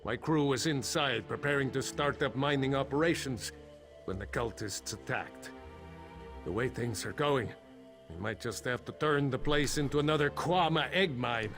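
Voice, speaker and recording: A man's voice: mid-range voice, moderate pace, natural voice. A man voicing a flustered, wry mine foreman. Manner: wry, rambling, a little sheepish. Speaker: video game character. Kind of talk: game voice acting. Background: game music.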